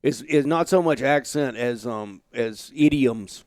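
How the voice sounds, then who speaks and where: A man's voice: medium pitch, a little slow, no room sound, clean studio sound. A middle-aged man, chatting as a podcast guest in an easygoing, storytelling way from his home office. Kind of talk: casual conversation.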